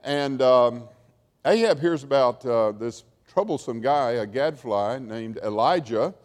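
A man's voice: mid-range voice, lively intonation, unhurried. Male Bible teacher, informal and wry with asides, mid-range voice, recorded in a reverberant hall. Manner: chatty, wry, asides and chuckles. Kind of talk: informal lecture storytelling.

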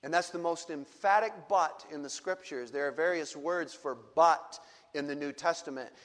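A man preaching a sermon in a slow, deliberate way, often dropping to a low soft voice. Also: big-room sound.

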